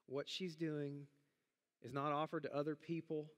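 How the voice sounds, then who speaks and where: A middle-aged man preaching a sermon as pastor, talking in a conversational, animated way with big jumps in pitch. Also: normal speed, big-room sound. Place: church sanctuary.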